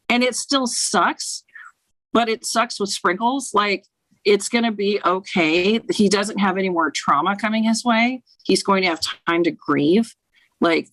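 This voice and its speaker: A woman's voice: mid-range voice, fairly bright tone, no room sound, rough recording. A woman who reads tarot for a living talks frankly in a casual interview and swears freely. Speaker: tarot reader and author. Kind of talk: casual conversation, interview guest.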